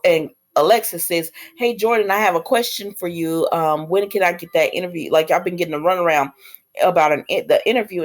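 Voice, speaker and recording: A woman casually recapping a soap episode, acting out the characters' lines and laughing at the drama. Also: on the low side. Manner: animated, laughs often, acts out characters' lines in quoted voices. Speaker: soap opera recap vlogger.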